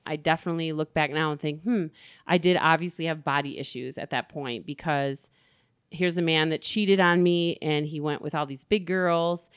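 A woman's voice: low-pitched, fairly even intonation, normal speed, smooth, no room sound, studio quality. A middle-aged woman, a guest in an interview, speaking candidly and openly about her own life. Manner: candid, open, swearing freely.

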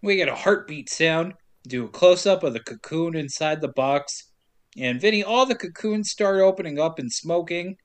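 A man with a slightly high voice recaps a movie in casual, jokey chat. He keeps the story rolling and slips into quick silly character voices along the way. The tone stays loose and conversational throughout. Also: expressive. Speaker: podcast co-host recapping a film.

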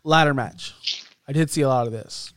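A man co-hosting a casual wrestling podcast, excitable and rambling, with plenty of ums and fillers. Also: medium pitch, moderate pace, smooth, no echo, studio quality. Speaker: podcast co-host.

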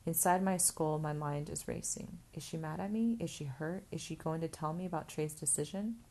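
Low-voiced woman narrating an audiobook. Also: normal speed, mellow, slight background noise. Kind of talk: first-person audiobook narration.

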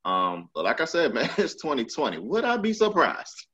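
A man's voice: fairly high pitch, wildly swooping pitch, normal speed, a bit bright, highs cut off. A man co-hosting a casual podcast, blunt and profane, mocking and laughing as he talks. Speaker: podcast co-host. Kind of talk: casual chat.

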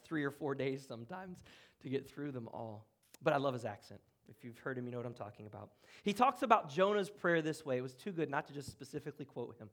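A man pastor preaching a sermon in a church room, earnest, with dramatic pauses and drops to a hush. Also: medium pitch. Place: church room, speaking from the front.

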